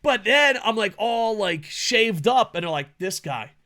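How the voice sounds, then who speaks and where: A man co-hosting a podcast in casual chat, loud and laughing, swearing through fast banter. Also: high-pitched, expressive. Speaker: podcast co-host.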